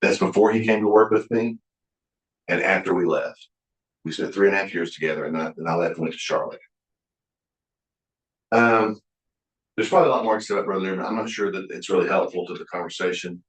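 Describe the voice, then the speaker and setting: In an echoey room, a middle-aged Oklahoman with a deep, low voice gives a story-driven leadership lecture in a sermon style as a guest at a Bible college. He talks fairly quickly with frequent pauses. Folksy and earnest, he stumbles into restarts while voicing old conversations.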